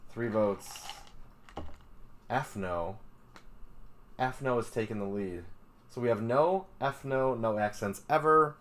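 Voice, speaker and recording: A man's voice: medium pitch, slow, pauses often, a little hiss or hum. A man co-hosting a card-break livestream, trading dry, mock-exasperated banter. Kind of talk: joking live-stream chat.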